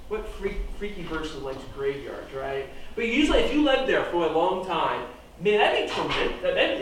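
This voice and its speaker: A man preaching a sermon, animated, swinging his volume up and down for emphasis. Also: sits high, a little hiss or hum. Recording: very echoey room, voice from far off.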